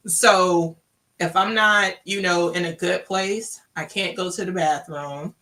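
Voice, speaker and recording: A woman's voice: fairly low pitch, fairly even intonation, slow pace, pushed and bright. A woman from Louisiana, candidly telling her personal story and acting out the dialogue she quotes. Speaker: guest sharing her story.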